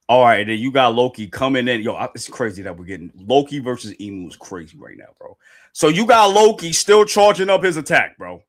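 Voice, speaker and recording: A man hosting a live reaction stream, excitable and slangy, often repeating his phrases. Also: normal speed. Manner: reads dialogue aloud in a dramatic low voice.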